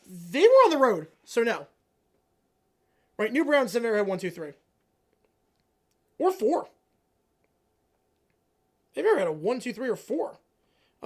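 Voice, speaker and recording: A man talks off the cuff to his live stream audience, answering chat as it comes in. His voice is very lively, leaping up in loud bursts of frustration and then dropping to low, mumbled remarks. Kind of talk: casual live reaction chat.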